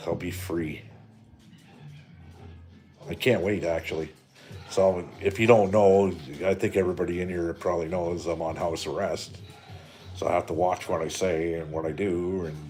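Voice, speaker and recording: Deep-voiced, profane middle-aged man ranting. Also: fairly even intonation, moderate pace, a little mellow, faint music behind. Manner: profane, rambling, joking. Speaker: livestream host. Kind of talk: casual live-stream rant.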